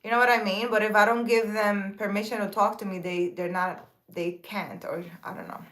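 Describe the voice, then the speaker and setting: A spiritual healer chats casually with her viewers, reading their comments aloud and answering them in a rambling way full of fillers and restarts. Her voice is medium-pitched and a bit bright, with fairly even intonation and a moderate pace.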